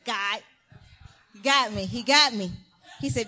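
Young woman, casual sermon, lively storytelling, slangy, fairly high voice. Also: slow, long pauses. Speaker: church speaker.

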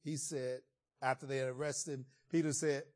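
A man's voice: medium pitch, steady tone, normal speed, a little mellow. Male pastor, conversational storytelling sermon. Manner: conversational storytelling, colloquial asides.

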